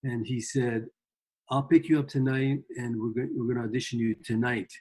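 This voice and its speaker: Husky older guy rambling through old music stories, breathy voice. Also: medium pitch, flat delivery, normal speed, darkish tone. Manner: rambling anecdotes with acted-out quotes. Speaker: guest guitarist. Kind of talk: casual storytelling interview.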